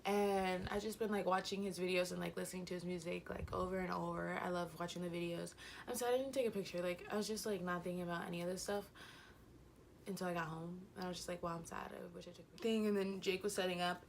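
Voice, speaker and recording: A young woman vlogger with a fairly low, gravelly voice talks fast and flatly as she rambles, giggling, through a casual storytime about a concert. She's a bit breathless and uses plenty of fillers, with slight background noise behind her.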